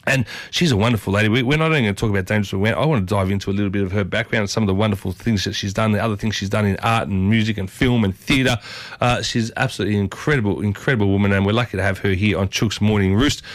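Chatty radio host, dry sound. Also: male voice, on the low side, dry recording. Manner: chatty, enthusiastic, repeats phrases. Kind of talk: casual radio talk.

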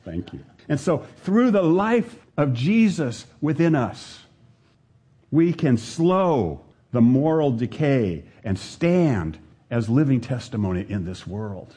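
Husky, mellow-toned preaching man. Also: medium pitch, big pitch swings, slow pace. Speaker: pastor. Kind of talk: sermon. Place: church service with a congregation.

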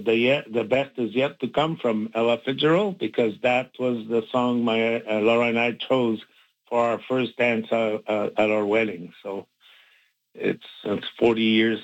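A man in his sixties speaks as a radio guest over the phone, chatty and easygoing, stumbling through restarts and fillers. He sounds like he is smiling as he talks. The line is dull and muffled, as phone calls are. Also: medium pitch. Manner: warm, chatty, many fillers and restarts, laughs easily. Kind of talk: casual phone interview.

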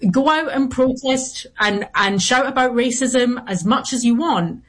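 A woman's voice: high voice, unhurried, a bit bright. A woman being interviewed as a guest commentator, speaking earnestly with some restarts. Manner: earnest, with frequent restarts and fillers.

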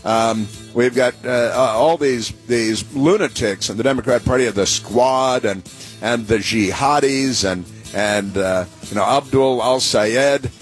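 A man's voice: medium pitch, measured pace, faint music behind. A man hosting a talk radio show, rambling sarcastically with many fillers and restarts.

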